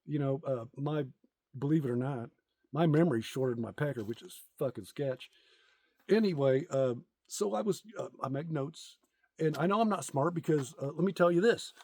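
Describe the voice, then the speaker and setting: A man's voice: a little high, moderate pace, a little mellow. A middle-aged man telling crude, rambling jokes outdoors in a casual comedic vlog, with many ums and uhs. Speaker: content creator.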